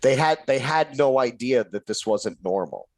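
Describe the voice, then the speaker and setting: A man co-hosting a political podcast, measured and musing, often repeating the start of a sentence. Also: mid-range voice, expressive, no echo, rough recording. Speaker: podcast co-host. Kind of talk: casual political podcast chat.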